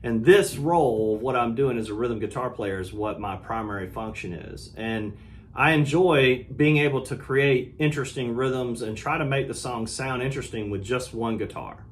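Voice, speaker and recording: A middle-aged man giving a relaxed, casual guitar lesson, explaining strumming and sometimes scatting the rhythm. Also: mid-range voice, moderate pace, a little hiss or hum. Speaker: guitar teacher. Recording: loud guitar under the voice. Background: acoustic guitar playing.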